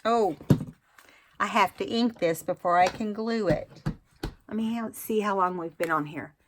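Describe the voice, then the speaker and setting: A woman's voice: medium pitch, background noise. A woman hosting a craft tutorial, talking casually and rambling as she demonstrates. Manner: chatty, rambling, self-admittedly unhurried.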